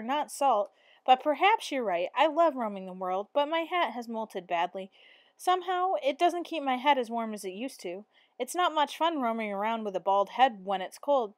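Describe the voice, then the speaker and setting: Woman voicing a hearty, high old drifter man. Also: no room sound. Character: cheerful roving old drifter man, bald.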